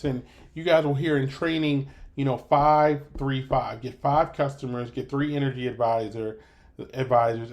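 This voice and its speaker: A man's voice: medium pitch, darkish tone. A man running a sales team training over a video call, coaching in an emphatic way and often repeating himself.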